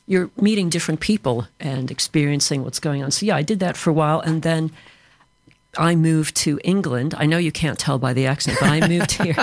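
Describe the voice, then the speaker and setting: A man's voice: on the high side, brisk, dry recording. A man from Chicago with an American accent, answering interview questions in a fluent, explanatory way as an author and trainer. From Chicago, USA.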